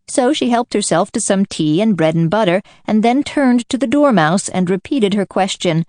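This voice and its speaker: A woman narrating a children's storybook in a steady, clear reading voice. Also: mid-range voice, moderate pace, hardly any pauses, no echo.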